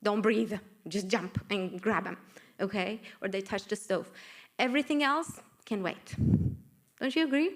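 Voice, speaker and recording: A middle-aged woman with a Persian accent giving a lively talk at her book launch, coaxing the audience and asking for agreement. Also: medium pitch, a little slow. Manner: animated, coaxing, asks the room for agreement. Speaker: author and workshop speaker. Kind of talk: live book launch talk with group exercises. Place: event room with live audience.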